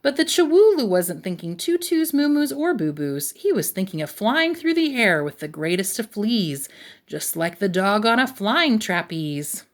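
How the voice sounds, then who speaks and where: A woman reads a picture book aloud in a rhythmic, expressive storyteller's voice. Her pitch is mid-range but rises and falls a great deal. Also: moderate pace.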